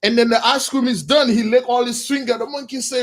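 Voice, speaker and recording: A man preaching through an animated moral story, excitable and bursting into shouts, in simple non-standard English. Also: very high-pitched, fairly quick.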